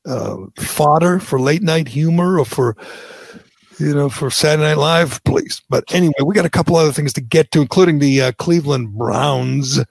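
Gravelly talk host. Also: male voice, fairly high pitch, normal speed, no echo. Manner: sarcastic, indignant ranting. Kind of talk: political talk radio banter.

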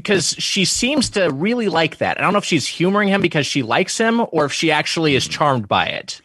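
A man on a podcast talks in a rambling, hesitant way and often restarts his sentences. His voice is bright and fairly high, and it moves around a lot. It is recorded close and dry. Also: very animated, fairly quick, breathy edge, dry recording. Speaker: podcast guest. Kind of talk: casual chat.

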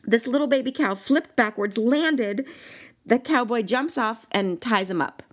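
Animated woman telling a story. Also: fairly high pitch, unhurried. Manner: animated storytelling, squeals when cheering. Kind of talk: casual storytelling chat.

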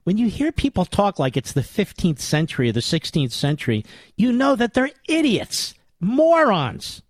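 A man's voice: sits high, sing-song, normal speed, no room sound. A man hosting a political talk radio show, delivering a combative, indignant monologue with emphatic repetition.

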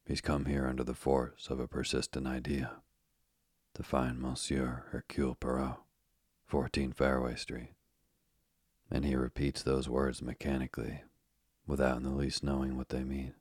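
A man reading the lines of a gruff, blunt doctor in an audiobook, speaking curtly and dismissively. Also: rumbling low, monotone, normal speed, dry recording, clean studio sound. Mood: brusque. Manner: curt and dismissive.

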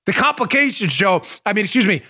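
A man's voice: high-pitched, very animated, quick pace, pushed and bright, husky. A man hosting a political talk show, mocking and theatrical, often breaking into laughter as he jokes with his producer. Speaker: show host.

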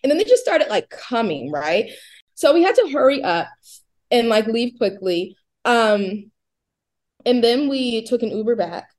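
A woman's voice: a little high, a little slow. A woman in her thirties co-hosting a casual chat show, telling rambling stories and acting out what people said. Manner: rambling storyteller, animated quoting. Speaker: co-host.

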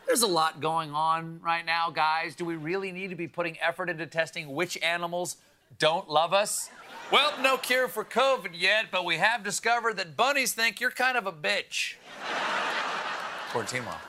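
A man's voice: a little high, sharp tone, a little hiss or hum. A man hosting a late-night comedy show, delivering a wry monologue with punchy jokes and mock outbursts. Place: small storage closet.

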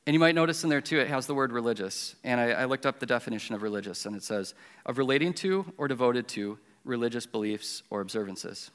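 A man's voice: mid-range voice, expressive, fast talker, a bit bright, clear, resonant tone. A man, preaching a sermon and telling a self-deprecating personal story in a conversational way. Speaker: pastor. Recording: reverberant hall.

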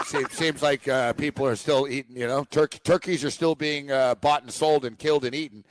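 A man's voice: mid-range voice, big pitch swings, normal speed, dry recording. A man co-hosting a sports talk show, telling a long rambling story and acting out a phone call. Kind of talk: casual chat.

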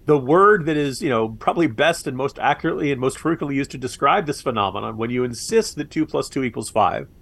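A man's voice: medium pitch, fast talker, gravelly, few pauses. A man co-hosting a political podcast, talking casually and sarcastically with frequent laughs. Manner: animated, sarcastic, laughs often. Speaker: podcast co-host.

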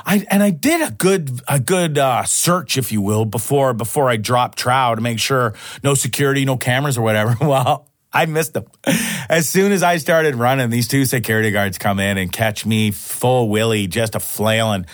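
A man's voice: mid-range voice, normal speed, dry recording, studio quality. A man hosting his own podcast, telling a story in a rambling way and swearing casually. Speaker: podcast host.

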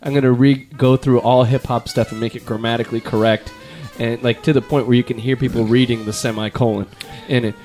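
A man hosting a podcast in casual chat, rambling and self-deprecating, quick to make a joke of himself. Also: mid-range voice, little pitch movement, a little mellow, soft background music. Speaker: podcast host.

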